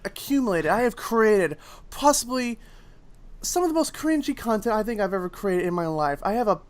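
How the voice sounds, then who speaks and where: A man with a slow, cowboy-like drawl cuts a wrestling-style promo. His pitch swings widely from line to line as he plays up the threat. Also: lively intonation. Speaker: YouTuber in a played clip.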